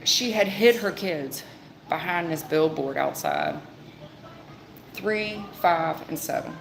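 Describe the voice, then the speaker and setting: Woman tarot reader, low voice, casual rambling delivery, faint background noise. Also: very animated, slow, creaky. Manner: rambling, conversational, with fillers and restarts. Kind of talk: live-stream tarot reading and storytelling.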